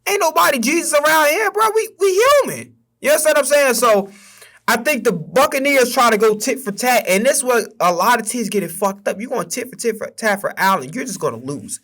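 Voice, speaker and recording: Man, young adult, sports streamer, bright edgy voice, cussing, heated rant. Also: very high-pitched, animated, a little fast. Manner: profane, heated ranting. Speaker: streamer and sports podcast host. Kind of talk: casual sports rant on a livestream.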